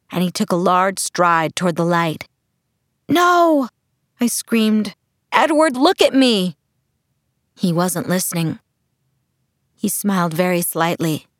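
A woman's voice: mid-range voice, dry recording, clean studio sound. A woman narrating a first-person novel as an audiobook, reading expressively. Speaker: audiobook reader.

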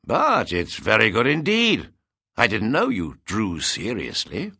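A man voicing a calm, polite male painter of about forty who asks curious questions. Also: lowish voice, a little slow, gravelly, husky, dry recording, studio quality, heavily acted.

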